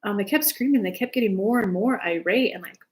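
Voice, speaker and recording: Talking fast in a medium-pitched voice, a woman hosting a spiritual advice channel gives casual relationship guidance. She keeps it loose and chatty, swearing occasionally and playing out short dialogues.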